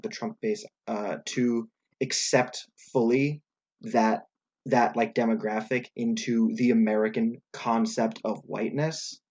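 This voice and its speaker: A man's voice: mid-range voice, a little mellow, lo-fi sound. A young man co-hosting a podcast, chatting casually about politics with lots of fillers and restarts. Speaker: podcast co-host.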